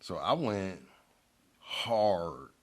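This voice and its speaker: A middle-aged man with a low-pitched voice tells a story in a casual, slangy way. His tone is bright and forceful, and he acts out the other people's lines as he goes. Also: extremely slow. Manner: animated, acts out quoted lines, slangy and profane. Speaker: guest telling his life story. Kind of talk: casual storytelling in a therapy-style talk show.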